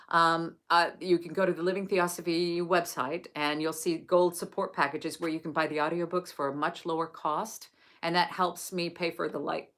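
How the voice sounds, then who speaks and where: A woman from England reading a sacred text aloud and then chatting gently and effusively with viewers on a live stream. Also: lowish voice. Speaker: host of a live book study.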